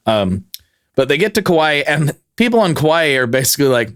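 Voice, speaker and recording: A man's voice: a little high, big pitch swings, moderate pace, fairly bright tone, smooth, no echo, studio quality. A man co-hosting a podcast, telling a story in casual chat and acting out quotes in jokey voices. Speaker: podcast co-host.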